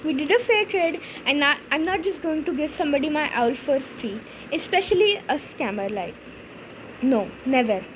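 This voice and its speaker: A woman's voice: high voice, expressive, moderate pace, a little hiss or hum, poor audio. A young woman hosting a gaming channel, rambling through a story with lots of fillers as she plays. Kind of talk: casual gameplay commentary.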